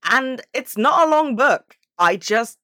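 Young woman, bright clear voice, dry close sound, casual sweary chat. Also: sits high, lively intonation, takes it slowly, dry recording. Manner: chatty, sweary, gushing. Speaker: book vlogger.

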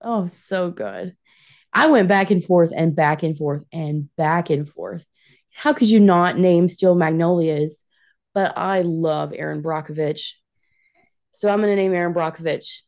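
A woman's voice: on the low side, a little slow, a little mellow. A woman co-hosting a podcast, chatting casually and enthusiastically about films, sometimes slipping into playful accents. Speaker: podcast co-host. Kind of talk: casual film discussion.

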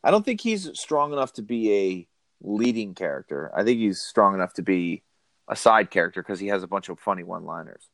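A man's voice: low-pitched, very animated, brisk, creaky, a bit bright, no room sound. A man co-hosting a podcast, chatting casually about a movie, laughing often and retelling scenes. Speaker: podcast co-host.

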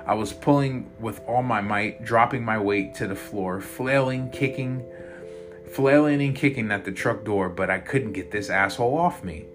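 Low-voiced man narrating a dark story. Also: moderate pace. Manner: dramatic, intense. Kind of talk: first-person horror story narration. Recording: loud guitar music behind.

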